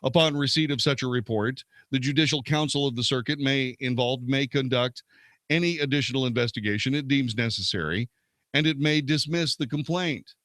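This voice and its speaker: A man hosts a show where he reads legal texts aloud steadily and comments on them, now and then stumbling and correcting himself. He speaks briskly at medium pitch, a bit bright, with no room sound.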